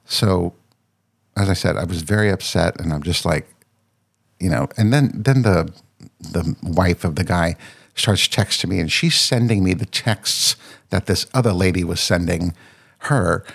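A man with a very low, gravelly voice hosts a solo podcast. He tells a long personal story in a casual, meandering way, circling back and restarting his sentences as he goes. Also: a little slow. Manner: rambling, with frequent restarts. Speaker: podcast host.

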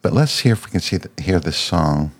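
A man hosting a podcast, casually demoing his gear into a boom-arm microphone at his desk. He rambles, breaks off mid-sentence and searches for words. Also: lively intonation, fairly quick. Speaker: podcast host. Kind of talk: casual gear demo chat. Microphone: dynamic mic on a boom arm.

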